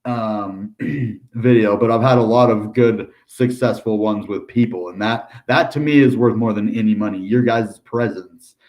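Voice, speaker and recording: A man's voice: fairly low pitch, moderate pace, a little mellow. An American man hosting a crypto channel, talking casually through price charts with lots of filler words and upbeat asides. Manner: chatty, upbeat, lots of ums and dude. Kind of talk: casual chart analysis livestream.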